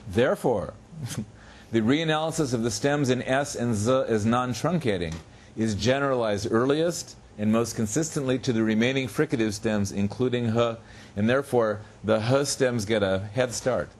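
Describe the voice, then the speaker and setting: A man giving an academic lecture in a university seminar room, explaining step by step with pauses and small restarts, slowing down to spell out example words. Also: mid-range voice, slight background noise. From United States. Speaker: guest lecturer.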